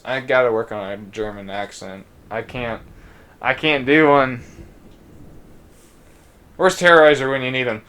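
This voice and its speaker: A young man talks through a game in loose, rambling gameplay commentary, with a smooth, resonant voice at an ordinary middle pitch. He drifts between reading on-screen text and chatting, restarting sentences as he goes. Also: steady tone, unhurried, long pauses, bright, forceful tone. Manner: loose, with frequent restarts and fillers. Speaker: let's play gamer.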